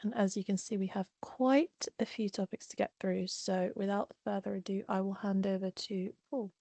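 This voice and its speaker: A woman's voice: medium pitch, steady tone, moderate pace, creaky, mellow, no room sound. A woman hosting a webinar over a video call, giving housekeeping notes casually with many ums. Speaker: webinar host.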